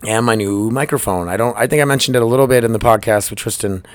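A man's voice: on the low side, fast talker, no echo. Male solo podcast host, loose and profane, upbeat, recorded dry in a work storage room. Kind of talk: casual solo podcast chat. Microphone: laptop microphone.

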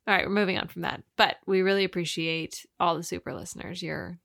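A woman co-hosting a podcast, chatting in an upbeat, warm way and laughing easily. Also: fairly low pitch, fairly even intonation, fast, creaky. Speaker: podcast co-host. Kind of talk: casual chat.

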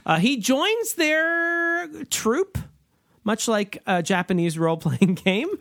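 A man's voice: very high-pitched, very animated, takes it slowly, a bit bright, no room sound, studio quality. Man, podcast co-host, casual chat, joking, rambling, filler-heavy. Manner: joking, rambling, many ums and uhs.

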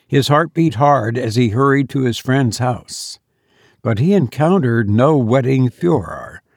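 A man narrating a story as an audiobook in a measured, deliberate manner. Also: medium pitch, creaky, darkish tone, no echo, clean studio sound.

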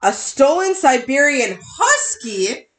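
A woman's voice: high voice, sing-song, slow, fairly bright tone, low-quality recording. A woman co-hosting a casual podcast, reading odd news stories aloud in a dry, matter-of-fact way. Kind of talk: casual chat.

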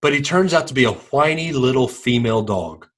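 A man's voice: mid-range voice, expressive, a little fast, fairly bright tone. A man co-hosting a podcast, talking casually with blunt, teasing remarks and short agreements. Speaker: podcast co-host. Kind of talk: casual chat.

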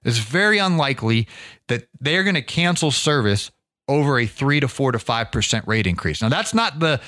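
A middle-aged man hosting a podcast, coaching business owners in an energetic, folksy monologue that often repeats words as he restarts. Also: medium pitch, normal speed, no room sound, studio quality.

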